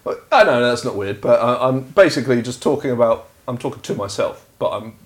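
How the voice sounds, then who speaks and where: A man's voice: medium pitch, fairly quick. A man from Scotland with a posh-sounding voice, co-hosting a casual podcast chat in a wry, argumentative way. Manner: wry, argumentative, laughs often. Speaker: podcast co-host. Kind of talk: casual banter.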